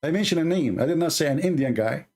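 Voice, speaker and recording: A man's voice: fairly high pitch, expressive, fast talker, darkish tone, husky. Guy ranting at his viewers, calls them idiots, sarcastic and combative. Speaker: channel host. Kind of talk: angry rant to viewers.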